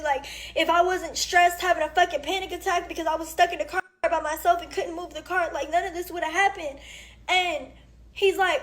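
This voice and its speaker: A woman's voice: very high-pitched, steady tone, a little fast, a bit bright. Tearful young woman venting. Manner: tearful, rambling and blunt. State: crying. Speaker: celebrity venting on social media. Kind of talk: emotional personal account.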